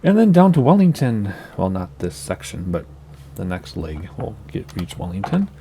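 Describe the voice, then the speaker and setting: A man's voice: deep voice, moderate pace, creaky, husky. A man hosting a flight simulator let's-play, chatting casually and thinking aloud as he sets up a flight. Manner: relaxed, chatty, thinking aloud with small laughs. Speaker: gaming channel host.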